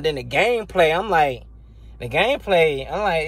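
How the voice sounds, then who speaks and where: A man's voice: sits high, animated, moderate pace. A man ranting casually and profanely to camera about video games, laughing often, recorded on a phone. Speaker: gaming YouTuber.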